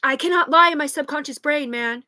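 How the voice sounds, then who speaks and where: A woman's voice: high-pitched, brisk, pushed and bright, dry recording. A woman, likely in her thirties, talking agitatedly and rambling with heavy swearing in an unscripted live stream on a phone. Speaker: livestreamer.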